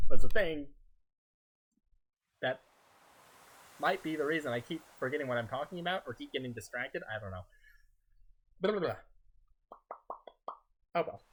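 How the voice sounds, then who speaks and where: A man streaming a game, talking casually in a soft-spoken, rambling way with frequent chuckles. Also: on the high side, animated, normal speed, pauses often, slight background noise. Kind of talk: casual gaming stream chat.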